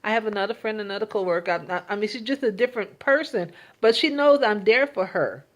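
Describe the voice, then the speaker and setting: A woman speaks to the camera in an unscripted, reflective way. She is heartfelt and emotional, and she keeps stumbling over and repeating her words as she works out what she means. Her pitch sits in an ordinary middle range. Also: quick pace. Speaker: vlogger. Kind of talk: casual reflective monologue.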